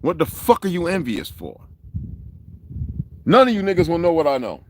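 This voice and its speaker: A man's voice: fairly high pitch, big pitch swings, normal speed, darkish tone, a little hiss or hum. A man hosting a casual livestream, ranting at his viewers in a profane, confrontational way. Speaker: livestream host.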